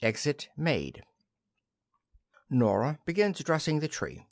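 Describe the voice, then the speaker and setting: A man's voice: medium pitch, expressive, a little slow, no room sound. A man narrating a play as an audiobook, reading the stage directions evenly into a close mic.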